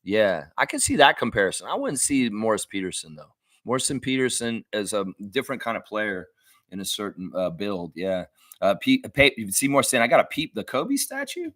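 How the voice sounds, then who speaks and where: A man hosting a live basketball fan stream, reading out viewer comments in a chatty, animated way. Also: fairly low pitch, normal speed, dry recording. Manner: chatty and animated, gets loud and excited at friends' shout-outs.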